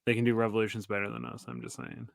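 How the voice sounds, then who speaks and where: A man co-hosting a podcast in a casual chat, tossing out deadpan jokes. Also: medium pitch, very fast, vocal fry, no room sound. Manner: joking, deadpan asides. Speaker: podcast co-host.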